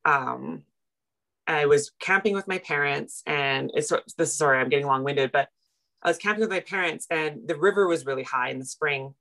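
A low-voiced woman from Canada in her thirties chats as a personal finance coach. She tells her stories in an animated, self-deprecating way, jumping up in pitch when she acts out what others said. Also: gravelly. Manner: animated, self-deprecating, quick retellings with big pitch jumps in quoted moments. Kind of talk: casual interview storytelling.

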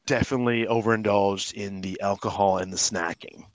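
A man co-hosting a casual podcast, laid-back and jokey, and quick to poke fun at himself. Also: fairly low pitch, fairly even intonation, no echo. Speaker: podcast co-host.

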